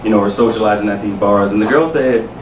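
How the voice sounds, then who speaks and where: A man in his thirties doing a stand-up comedy set on a club stage, with animated, punchy delivery. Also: lowish voice, fast, slight background noise. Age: 30s. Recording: distant mic in a loud echoey room. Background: loud room ambience.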